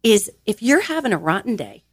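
A woman's voice: a little fast, breathy edge, no echo, clean studio sound. A woman giving an emphatic, upbeat motivational talk on a podcast. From grew up in a large Italian family. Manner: animated, emphatic, acts out little quoted voices; expressive, swinging pitch.

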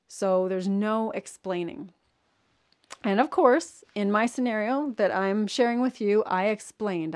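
A woman with a medium-pitched voice coaches leaders on communication in an earnest, steady instructional monologue. She repeats and stresses key words.

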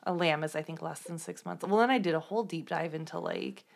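A woman's voice: sits low, sing-song, fast, gravelly. A woman co-hosting a podcast in casual chat, teasing and saying "like" a lot. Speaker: podcast co-host.

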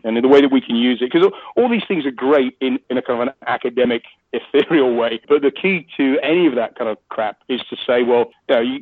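A man's voice: medium pitch, dry recording. A man talking as a podcast guest in casual, rambling chat, cursing freely and laughing often. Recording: tinny phone line, dry.

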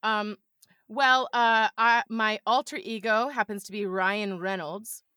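Bright, chatty woman telling stories. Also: medium pitch, steady tone, slow pace, clean tone, dry recording, studio quality. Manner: chatty, playful storyteller. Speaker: podcast guest. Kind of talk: casual chat.

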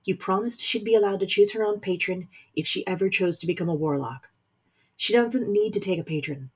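A woman voicing a tense young man who keeps his voice to a low growl. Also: fairly quick, slightly rough, close to an everyday voice. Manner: low, growled, gritted delivery.

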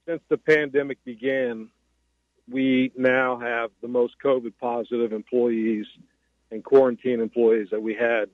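A man, a sheriff's office major, giving a measured, matter-of-fact update as a guest calling in to a radio show. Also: mid-range voice, flat delivery, no echo. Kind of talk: phone-in radio interview. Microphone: phone line. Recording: tinny dry phone line.

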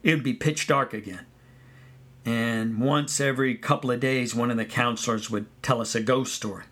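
A man narrating a first-person story of his boyhood at summer camp in a relaxed storytelling way. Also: medium pitch, normal speed. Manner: relaxed storytelling, sings song snippets.

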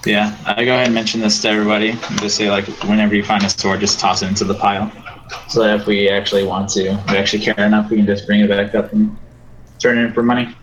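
A man's voice: lowish voice, level tone, fast, highs cut off, noisy background. A man playing a tabletop game, talking casually and hesitantly as he describes his actions. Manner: rambling, hesitant. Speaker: player.

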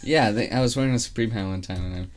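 Laid-back low-voiced young man. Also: racing. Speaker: podcast co-host. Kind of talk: casual chat.

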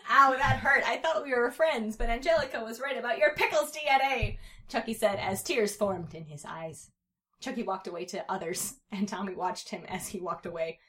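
A woman's voice: normal speed, a bit bright. A woman hosting a comedy show, reading a story aloud with put-on voices and frequent laughter. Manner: reads baby characters in put-on high voices, laughs often. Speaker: podcast host reading fan fiction aloud.

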